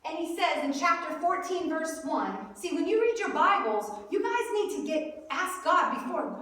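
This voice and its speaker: High, lively woman preaching in an echoey hall. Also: normal speed, few pauses. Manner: animated storytelling, acting out quotes. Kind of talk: Easter sermon. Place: church hall. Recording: echoey hall, mic at a distance.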